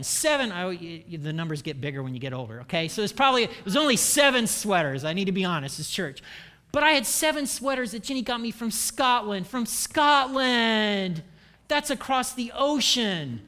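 Male pastor, high-pitched, animated sermon delivery full of humorous asides. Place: church.

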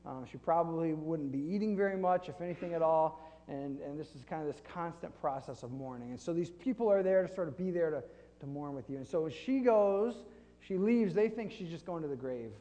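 Pastor, male, mellow tone, loose and self-deprecating delivery, long room reverb. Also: a little high. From Flint, Michigan. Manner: conversational, self-deprecating with laughs. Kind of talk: sermon. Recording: long reverb in a large hall.

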